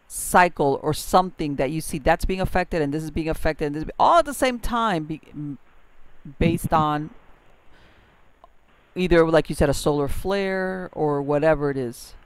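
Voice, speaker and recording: A male podcast host who nods along and sums up his guest's points in a casual way. His voice is smooth and a little high, recorded close and dry. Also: dry recording. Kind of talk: casual interview talk.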